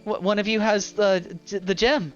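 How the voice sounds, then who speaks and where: A ragged halfling man, voiced by a game master who stammers through every word in a thin, high, tearful voice. He pleads with nervous desperation. The recording is a bit dull, with faint ambient music behind. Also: fairly even intonation, moderate pace, lightly acted. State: on the verge of tears.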